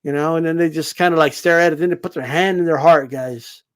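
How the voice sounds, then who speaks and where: A man's voice: fairly high pitch, fast talker. A man hosting a boxing channel, ranting to camera in a sarcastic, profane, mocking way. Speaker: boxing YouTuber. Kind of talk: casual rant to camera.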